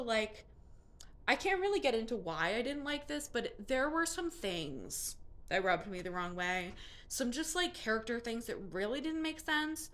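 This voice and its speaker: Bright-voiced chatty young woman. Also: on the high side. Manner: chatty and animated, full of "like" and "um". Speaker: book reviewer. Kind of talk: casual monthly reading wrap-up.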